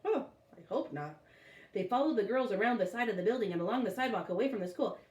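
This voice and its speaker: A woman's voice: medium pitch, expressive, fast talker, a little mellow. A woman reading a children's novel aloud for a school, breaking off for chatty, self-deprecating asides. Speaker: storytime reader for a school. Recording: echoey room, far from the mic.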